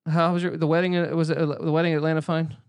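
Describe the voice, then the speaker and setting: A male podcast co-host with a fairly high voice tells stories in an animated, profane way. His voice sounds dry and close, with no room echo. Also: rapid-fire, clean tone. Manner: animated storyteller, swears freely. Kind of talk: casual sports podcast chat.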